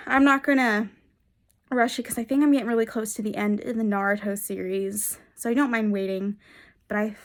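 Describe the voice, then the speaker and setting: A woman's voice: mid-range voice, fairly even intonation, normal speed. Gushing young woman book vlogger. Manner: gushing and enthusiastic, rambling with restarts. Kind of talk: casual reading vlog chat.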